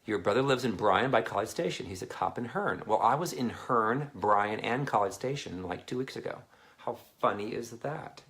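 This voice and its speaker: A man's voice: lowish voice, lively intonation, moderate pace, a bit bright. A man hosting a casual livestream as a minister, chatty and rambling, reading out viewer comments. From Canada. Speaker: deliverance minister and livestream host.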